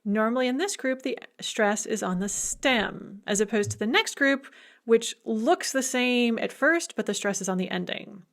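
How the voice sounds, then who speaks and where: A woman giving a recorded grammar lecture, explaining slowly and deliberately, with enthusiastic asides. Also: fairly high pitch, expressive. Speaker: Russian language lecturer.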